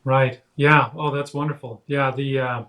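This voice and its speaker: Halting male guest. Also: mid-range voice, steady tone, a bit bright. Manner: halting, lots of fillers and restarts. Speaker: guest author. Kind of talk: casual chat.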